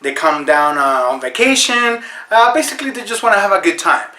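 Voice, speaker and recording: A man hosting a deadpan mock tutorial, earnest and full of fillers. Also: high voice, a little fast, reverberant. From Mexico. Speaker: comedy video host.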